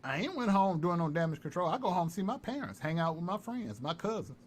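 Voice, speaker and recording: Taunting man, lively pitch swings. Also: a little fast. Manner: taunting, repetitive, animated. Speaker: live-stream commentator. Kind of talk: heated livestream callout. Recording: faint background noise.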